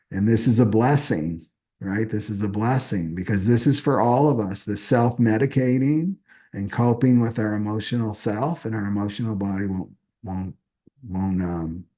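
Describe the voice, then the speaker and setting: A man's voice: fairly low pitch, dark tone. A man doing a casual live astrology reading, talking in a loose, repetitive way and often asking "right?". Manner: chatty, repeats himself, often asks "right?". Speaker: astrology reader.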